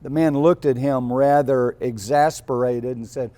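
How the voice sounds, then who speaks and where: A man's voice: mid-range voice, steady tone, unhurried, hardly any pauses, dark tone. A male pastor preaching a sermon, telling homespun stories and building to emphatic peaks.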